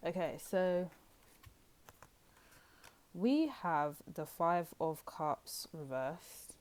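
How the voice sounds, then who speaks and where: Young female tarot reader, deep-pitched, loose and rambling, direct to camera. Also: animated, extremely slow, darkish tone, a little hiss or hum. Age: young adult. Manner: chatty, rambling, addresses viewers as guys. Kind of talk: casual tarot reading to camera.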